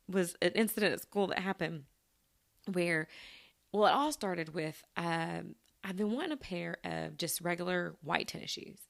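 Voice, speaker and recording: A woman's voice: fairly low pitch, vocal fry. A woman hosting a casual solo podcast who chats and giggles and talks straight to her listeners. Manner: chatty, giggly, addresses listeners directly. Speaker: podcast host.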